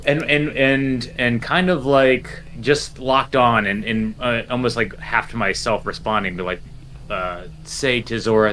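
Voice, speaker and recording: A man's voice: mid-range voice, measured pace, bright, forceful tone. Man player thinking aloud. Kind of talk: casual tabletop play.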